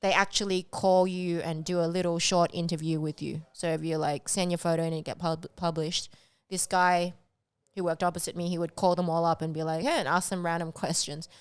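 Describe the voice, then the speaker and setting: A woman's voice: on the low side, level tone, brisk, smooth, no echo. A woman guest on a podcast, chatting casually and filling her talk with "like". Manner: chatty, heavy use of "like". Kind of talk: casual chat.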